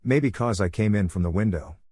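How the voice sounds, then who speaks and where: A man voicing a tough, sarcastic young female villain in a fan story reading, scoffing and defensive, low-pitched and dry. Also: brisk, darkish tone, slightly rough, no echo.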